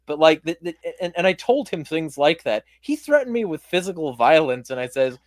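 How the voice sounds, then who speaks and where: A man with a hoarse voice, hosting a casual interview and telling a rambling, profane story with lots of fillers. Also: on the high side, very animated, fairly quick, few pauses, no room sound, studio quality. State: hoarse voice from shouting. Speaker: podcast host.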